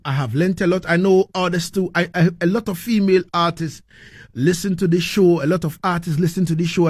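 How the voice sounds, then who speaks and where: A man hosting a radio interview, effusive and warm in his praise, often repeating words as he gathers his thoughts. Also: on the high side, no echo. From Ghana. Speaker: radio show host.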